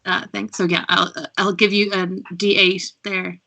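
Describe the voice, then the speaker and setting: A woman's voice: medium pitch, level tone, unhurried, creaky, sharp tone. A woman playing a tabletop game, talking casually and rambling with many fillers. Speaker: player.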